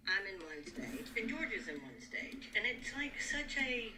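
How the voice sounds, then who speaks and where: A middle-aged woman guest on a casual live chat, halting and trailing off mid-thought. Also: fairly high pitch, sing-song. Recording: distant mic with crowd noise.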